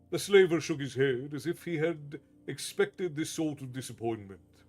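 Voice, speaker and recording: A man telling a fantasy story as a steady, measured storyteller. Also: fairly high pitch. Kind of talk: reading a fantasy novel aloud. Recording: faint background music.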